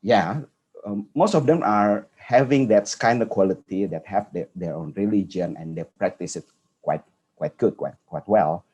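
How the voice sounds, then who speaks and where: Husky Indonesian man telling a story. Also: on the low side, a little mellow, highs cut off. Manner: halting, earnest, many restarts. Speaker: conference speaker. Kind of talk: personal storytelling talk.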